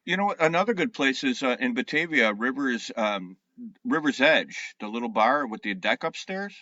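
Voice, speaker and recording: A man co-hosting a talk show in a relaxed, laid-back manner. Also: medium pitch, moderate pace, dry recording. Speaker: co-host. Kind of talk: casual chat. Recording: dull dry lo-fi sound.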